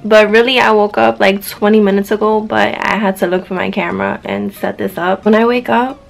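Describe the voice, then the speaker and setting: A woman's voice: medium pitch, steady tone, a little fast, gravelly, hardly any pauses, faint music behind, low-quality recording. A young woman chatting casually through a get-ready-with-me morning vlog in her bedroom, rambling with lots of "like", still groggy with her morning voice. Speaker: vlogger. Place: bright bedroom.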